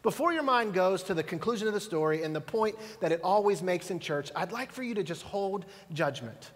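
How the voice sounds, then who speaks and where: In a reverberant church auditorium, a middle-aged man gives a sermon as pastor, his high voice animated and a little fast. His style is conversational storytelling, with frequent questions aimed at the congregation.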